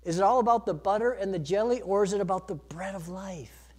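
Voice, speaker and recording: A man preaching a sermon, earnest, rising to emphatic peaks and then dropping soft. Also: high voice, a little fast. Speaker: pastor.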